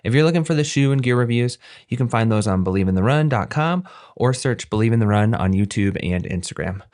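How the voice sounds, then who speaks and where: A man with a fairly low voice, recorded close and dry with no room sound. He co-hosts a running podcast, talking in a loose, rambling way full of fillers. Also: animated, brisk, darkish tone, no room sound. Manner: chatty, rambling with many fillers. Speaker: podcast co-host. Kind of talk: casual chat.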